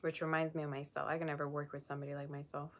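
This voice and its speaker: A woman's voice: sits low, flat delivery, rapid-fire. A woman tarot reader chatting on a live stream, blunt and sassy as she reads and answers viewer comments. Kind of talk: casual live-stream chat.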